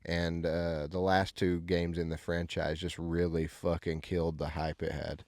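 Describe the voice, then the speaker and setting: A man's voice: low-pitched, flat delivery, measured pace, darkish tone, no room sound. A young man co-hosting a podcast in casual chat, rambling with many fillers and frequent laughs. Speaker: podcast co-host.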